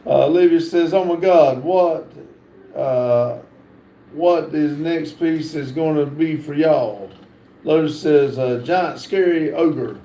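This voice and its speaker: Male livestream host, high mellow voice, slow filler-heavy chat reading, echoey room. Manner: reads viewer comments aloud with many fillers. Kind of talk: casual live chat.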